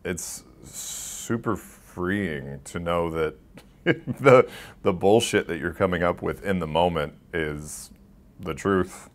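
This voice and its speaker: A man's voice: low voice, slow pace. A man working as a voice actor, answering interview questions in a rambling, casual way and laughing often. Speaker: voice actor guest.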